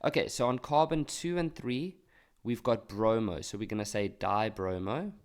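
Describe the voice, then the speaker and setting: A man's voice: on the low side, normal speed, smooth. A male teacher working step by step through an exam paper, explaining patiently. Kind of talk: exam walkthrough lesson.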